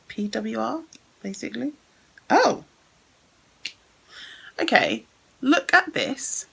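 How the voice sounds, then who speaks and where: A woman's voice: mid-range voice, creaky, a bit bright, slightly rough, low-quality recording. A woman chatting casually as she unboxes and swatches makeup, thinking aloud as she goes. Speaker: beauty vlogger.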